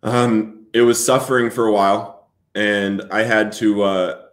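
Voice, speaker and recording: A man as an interview guest, telling a personal recovery story in an earnest, halting way with many restarts. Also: fairly low pitch, fairly even intonation, roomy sound.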